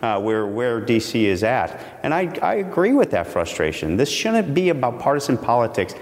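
Measured congressman on a reverberant line. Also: medium pitch, sing-song. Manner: measured, hedging. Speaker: congressman guest. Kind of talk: remote news interview.

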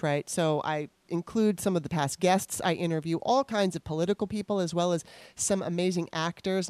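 A woman's voice: on the low side, dry recording. Chatty woman podcast host, dry close sound. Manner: chatty, rambling storytelling with warm asides. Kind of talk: casual solo podcast talk.

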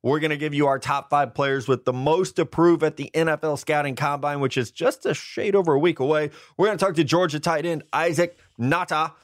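A man in his thirties hosting a casual sports podcast, upbeat and joking with quick asides. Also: fairly high pitch, no room sound, studio quality. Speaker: podcast host.

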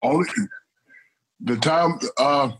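A man co-hosting a chat show, telling a rambling story in halting starts. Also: a little high, a bit bright. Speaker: co-host. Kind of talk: casual chat.

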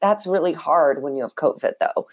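A woman in her thirties, hoarse and raspy from being sick, co-hosting a casual chat podcast with animated swings in her voice. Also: moderate pace. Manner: animated, swings up high when fired up. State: hoarse from a cold. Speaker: podcast co-host.

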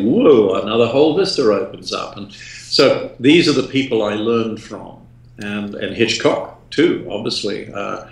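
An older man from England, a film director, reminiscing in an interview with lots of ums and restarts. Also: lowish voice. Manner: rambling, with many ums and restarts. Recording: roomy echo.

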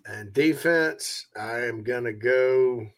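A man hosting a casual sports talk show, reading viewer comments in a relaxed, rambling way. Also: medium pitch, slow.

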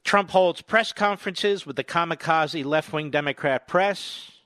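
Combative talk radio guy, high bright voice, firing off sarcastic questions, dry studio sound. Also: clear, resonant tone, no room sound. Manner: combative, sarcastic, rapid-fire rhetorical questions. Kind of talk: political talk radio monologue.

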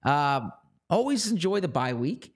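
A man's voice: on the high side, sing-song, measured pace. A man co-hosting a casual sports talk show, chatty and rambling, often restarting his sentences. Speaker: co-host and team reporter.

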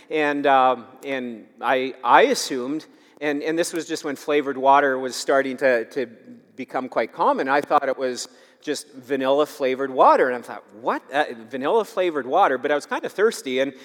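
A male pastor preaching a sermon, emphatic and repetitive, swinging between loud urging and quiet asides. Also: medium pitch. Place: church sanctuary. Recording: long hall reverb.

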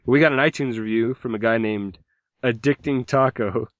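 A man's voice: mid-range voice, moderate pace, no echo. A man hosting a casual podcast, rambling and joking as he reads listener messages aloud, and he has a mild migraine. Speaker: podcast host. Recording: dull lo-fi podcast audio, dry.

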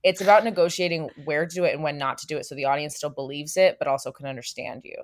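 Low-voiced actress in casual chat. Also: female voice, fairly even intonation, fast. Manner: chatty, many fillers and restarts. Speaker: stage actor, interview guest.

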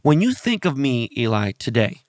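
A man's voice: medium pitch, big pitch swings, moderate pace, a little mellow, no room sound, clean studio sound. A man hosting a podcast in casual chat, brash and profane, telling stories with quoted voices. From born and raised locally. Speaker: podcast host.

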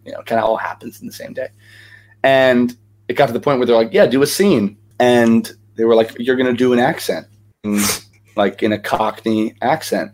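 Energetic chatty young man. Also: medium pitch, fairly quick. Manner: energetic, chatty storyteller with many fillers. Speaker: podcast guest, actor and singer. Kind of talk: casual interview chat.

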